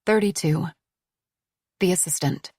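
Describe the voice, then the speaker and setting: A woman's voice: fairly low pitch, measured pace, darkish tone, dry recording. A woman narrating an audiobook in a dramatic, tense storytelling manner on a close studio mic.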